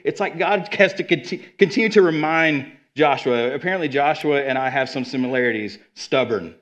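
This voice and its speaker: A man preaching a sermon as a guest speaker, with energetic, conversational delivery and quick asides. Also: mid-range voice, muffled recording. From Arkansas. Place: church sanctuary.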